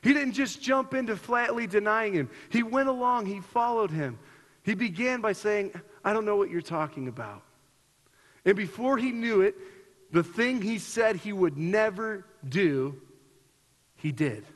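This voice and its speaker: A man preaching a sermon, earnest and repetitive, reading scripture and then reflecting on it. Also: measured pace. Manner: earnest, repeats himself, rises in pitch for emphasis. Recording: long hall reverb.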